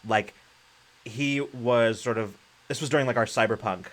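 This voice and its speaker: A man's voice: medium pitch, normal speed, a bit bright. A man hosting a casual chat, telling a story with lots of restarts and fillers. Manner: rambling, many fillers and restarts. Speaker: podcast host.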